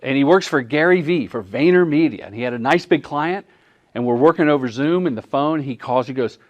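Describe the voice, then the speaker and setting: A man's voice: mid-range voice, brisk, lo-fi sound. A middle-aged man presenting a workshop on commercial directing, answering audience questions and acting out dialogue. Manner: animated, acts out quoted dialogue in voices. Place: workshop room at a film festival.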